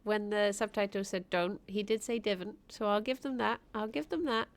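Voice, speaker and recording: A woman's voice: mid-range voice, fairly even intonation, normal speed. A British woman streaming a game, reacting with giggly, teasing commentary. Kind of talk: let's-play commentary.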